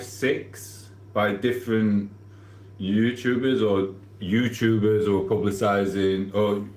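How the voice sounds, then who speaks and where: A man with a fairly low voice hosts a casual live stream, reading viewers' comments aloud. His delivery is blunt and offhand. The sound is roomy and echoey. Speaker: livestreamer.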